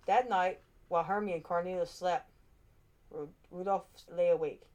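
A woman reads a children's storybook aloud in an expressive way, with small slips and restarts. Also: fairly low pitch, normal speed.

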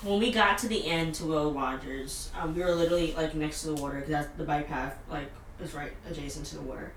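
A woman hosting a casual chat, telling a story in an animated way, full of fillers and laughter. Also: sits low, fast, a little hiss or hum. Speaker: podcast host. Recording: echoey room, mic at a distance.

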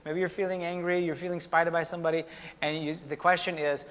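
High-voiced man preaching in a hall. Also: a little fast. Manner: conversational, animated, folksy teaching with asides. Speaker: pastor. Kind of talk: sermon. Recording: long hall reverb.

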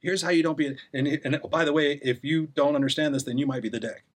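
A man's voice: a little high, steady tone. A man talking as a podcast guest, telling a long story in a blunt, sarcastic way with many restarts. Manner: fast, rambling storyteller with frequent restarts. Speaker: podcast guest, life coach. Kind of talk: casual conversation.

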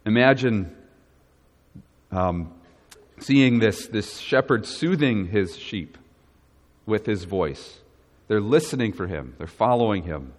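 A man's voice: fairly low pitch, animated, slow pace, long pauses. Man preaching in a reverberant church. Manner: earnest preaching with repeated questions to the congregation. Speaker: pastor. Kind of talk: sermon.

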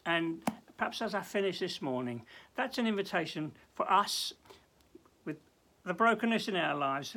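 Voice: medium pitch, animated, normal speed, sharp tone, slight background noise. A minister giving a short devotional talk, speaking earnestly with many stammered restarts and acting out prayers with rising intensity. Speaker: church minister.

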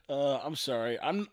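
A man's voice: medium pitch, no room sound, studio quality. A man hosting a solo podcast, ranting in a sarcastic, exasperated way and repeating himself for emphasis. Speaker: podcast host.

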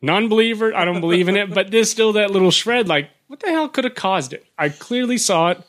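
A man telling a profane, animated story on a casual radio show, acting out what people said. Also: high voice. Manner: fast animated storytelling, profane, acts out quotes. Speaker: guest storyteller.

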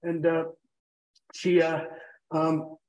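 A man's voice: fairly high pitch, completely flat delivery, very slow, darkish tone, poor audio. A man telling his own emotional story in a rambling way, full of fillers and drifting off track.

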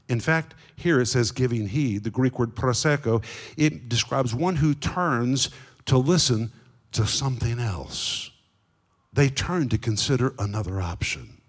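A man teaching a sermon, explaining Greek words and slowing down to stress key phrases. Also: mid-range voice, husky. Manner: explains Greek words and asks the audience questions. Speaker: Bible teacher.

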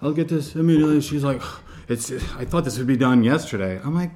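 A man's voice: medium pitch, fairly quick, darkish tone. A young man telling stressed, rambling stories on a podcast and swearing a lot. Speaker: podcast guest. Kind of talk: casual profane podcast chat.

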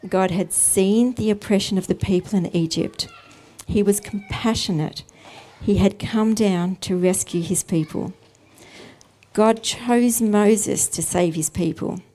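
A woman preacher, giving a calm, measured sermon as a story. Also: medium pitch.

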